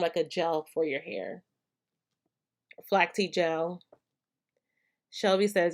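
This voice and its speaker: A young adult woman from El Paso, Texas, hosting a hair care live stream, reading viewer comments and answering in a chatty way, with many ums. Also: lowish voice. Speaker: hair care channel host.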